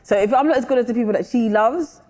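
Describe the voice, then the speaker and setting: A woman's voice: on the high side, fast, mellow, in a large hall. A woman with a British English accent, chatting openly as an interview guest and often checking "do you know what I mean". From England. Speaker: guest singer-songwriter. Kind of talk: casual interview chat.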